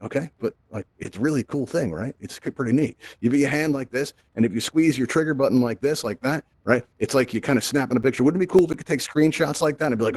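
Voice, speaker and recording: A man's voice: medium pitch, fast talker, hardly any pauses, darkish tone. A man hosting a live virtual reality event, teaching his audience in an upbeat, chatty way and often checking in with "right?". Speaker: host.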